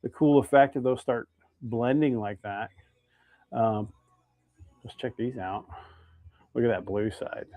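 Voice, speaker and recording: A man's voice: medium pitch, fairly even intonation, unhurried, pauses often, warm tone, no room sound. A man hosting a casual live stream while making fishing baits, chatting and reading viewer comments aloud. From Idaho, United States.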